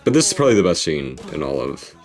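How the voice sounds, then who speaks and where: A man's voice: a bass voice, sing-song, fast talker, creaky, music in the background. A man rambling through a casual, self-deprecating commentary on his own video.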